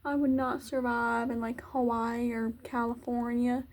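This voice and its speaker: A woman's voice: on the high side, level tone, a little slow, slight background noise. A young woman from Virginia chatting casually while doing her makeup, rambling and poking fun at herself. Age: young adult. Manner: rambling, self-mocking, chatty. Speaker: vlogger. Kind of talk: casual get-ready-with-me chat.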